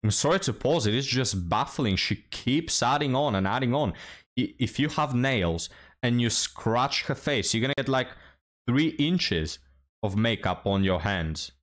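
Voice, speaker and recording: A man's voice: mid-range voice, animated, a little slow, fairly bright tone. A man hosting a reaction commentary, blunt and mocking as he talks to his viewers. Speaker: commentary host.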